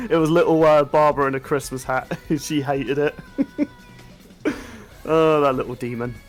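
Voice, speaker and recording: Giggly rambling man, higher pitch. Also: measured pace, soft background music. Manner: rambling, laughs often, self-deprecating. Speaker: podcast co-host. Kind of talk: casual chat.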